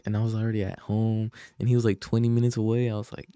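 A young man on a podcast tells a story in a casual, slang-heavy way, swearing and often losing his thread. His voice is low, dark and relaxed. The sound is dry and close. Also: fast talker, clean tone, dry recording. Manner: rambling, slangy, profane, loses his train of thought. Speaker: podcast host.

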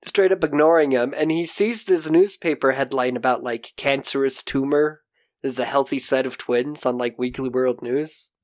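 A man co-hosting a podcast, recapping a TV episode in animated casual chat, swearing casually and acting out quotes. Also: medium pitch, normal speed. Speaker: podcast co-host.

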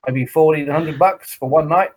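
A man's voice: fairly high pitch, normal speed, low-quality recording. An English man co-hosting a podcast, telling a long sweary story in casual chat and acting out the other people in it. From England. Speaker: podcast co-host.

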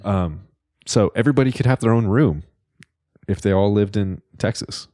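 Young male podcast co-host, very deep voice, dry close mic, jokey and teasing. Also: normal speed, dark tone, no echo. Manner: jokey, teasing, reads aloud from websites. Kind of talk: casual podcast chat.

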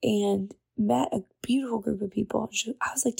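A woman's voice: on the high side, fairly even intonation, fairly quick, creaky, dark tone, husky, dry recording. A young woman host telling her personal testimony in an earnest, emotional way, with lots of "like". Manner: earnest, emotional, uses "like" often. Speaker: podcast host.

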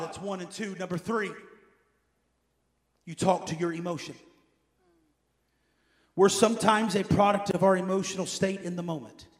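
A high-voiced man preaches a sermon as pastor, hammering home key phrases with emphasis. His delivery swings between loud urging and hushed asides.

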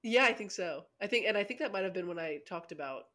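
A woman's voice: mid-range voice, animated, fast, a bit bright. A woman co-hosting a casual podcast, playful and giggly, who swears freely. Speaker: podcast co-host.

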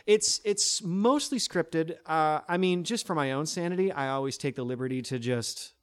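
A man's voice: fairly high pitch, moderate pace. A man with a tenor voice, a stage performer chatting in an interview, with many fillers and restarts. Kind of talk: casual interview talk.

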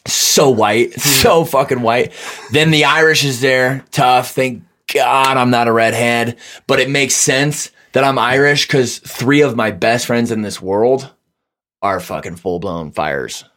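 A man's voice: medium pitch, takes it slowly, a bit bright. A young man chatting on a podcast, loose and profane. He tells stories in a joking way. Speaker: podcast co-host. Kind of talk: casual chat.

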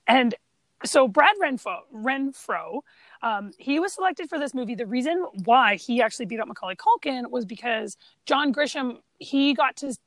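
A woman's voice: sits high, lively intonation, moderate pace, fairly bright tone, no room sound. A woman co-hosting a casual movie podcast, quizzing her co-host and retelling film scenes. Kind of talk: casual chat about movies.

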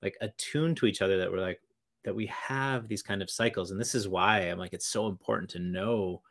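Male podcast co-host, very deep gravelly voice, thoughtful and halting. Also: a bit bright. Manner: reflective, hesitant with many fillers. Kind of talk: casual podcast conversation.

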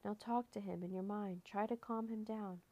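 A woman voicing a calm, wise old male wizard in a children's storybook. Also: mid-range voice, moderate pace, highs cut off, lightly acted.

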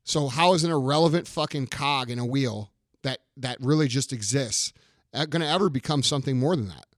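A man's voice: medium pitch, brisk, dry recording, clean studio sound. A middle-aged man hosting a podcast, delivering a blunt, profane motivational rant and repeating his lines for emphasis. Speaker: podcast host.

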